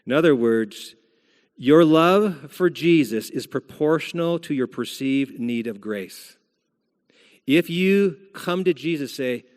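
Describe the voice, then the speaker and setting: Male senior pastor, somewhat high voice, casual storytelling sermon, long church-hall reverb. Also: animated, a little slow. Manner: conversational preaching, retelling scripture as a story. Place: church sanctuary.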